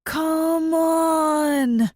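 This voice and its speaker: A woman voicing a frightened teenage boy thief who shouts his orders. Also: extremely high pitch, fairly even intonation, extremely slow, no echo, studio quality, pitched above the performer's own voice, heavily acted. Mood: nervous. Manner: loud urgent shouting.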